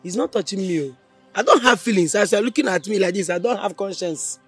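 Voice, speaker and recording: A man's voice: high-pitched, brisk, slightly rough, soft background music. An actor with a Nigerian accent playing a lazy, dismissive village husband who taunts his wife. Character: idle, callous young village husband. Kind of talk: Nollywood film acting.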